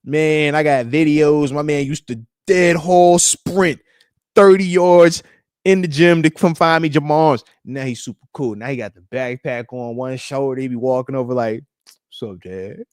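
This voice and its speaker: A man's voice: mid-range voice, darkish tone, dry recording, studio quality. A man in his thirties from the United States hosting a live stream, chatting loosely and reading out viewer comments with slangy hype. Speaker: podcast host.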